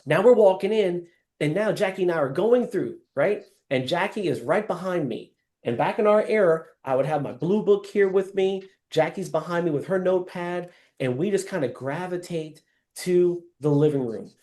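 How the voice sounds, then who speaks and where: A man's voice: sits high, moderate pace. A man leading a live sales training session over a video call, acting out scenes and calling on trainees by name. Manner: animated, acts out scenes, addresses trainees by name.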